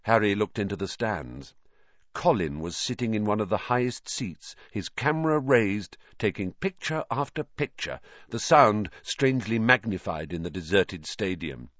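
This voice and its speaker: A man's voice: fairly low pitch, moderate pace, no echo, lo-fi sound. A man narrating an audiobook expressively. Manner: expressive storyteller voicing every character.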